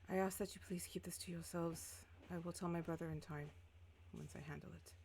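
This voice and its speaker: A woman's voice: fairly low pitch, fairly even intonation, fairly quick, darkish tone, a little hiss or hum, close to an everyday voice. A woman voicing a secretive young male mage who speaks formally and guardedly.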